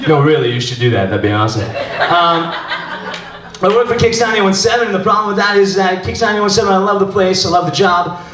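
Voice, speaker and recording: A man's voice: high-pitched, animated, quick pace, noisy background. A man doing crude, rambling, self-deprecating stand-up at an open mic, bantering with the crowd. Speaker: stand-up comedian. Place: small bar open mic with laughing crowd. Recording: roomy, distant club recording with crowd.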